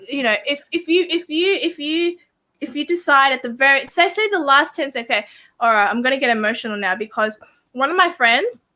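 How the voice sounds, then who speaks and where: A woman's voice: on the high side, bright, forceful tone. A woman hosting an interview, tipsy from drinking, talking in an earnest, rambling, emotional way. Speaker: host interviewing a guest. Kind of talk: casual tipsy debate.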